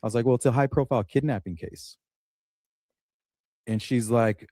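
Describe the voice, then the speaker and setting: A man's voice: medium pitch, moderate pace, no room sound, studio quality. A man telling a story in casual chat, animatedly acting out the dialogue. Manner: animated retelling, acts out dialogue.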